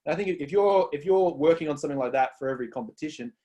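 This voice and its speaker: A man co-hosting a casual podcast, explaining ideas in an earnest, measured way. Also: fairly high pitch, lively intonation, dark tone. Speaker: co-host.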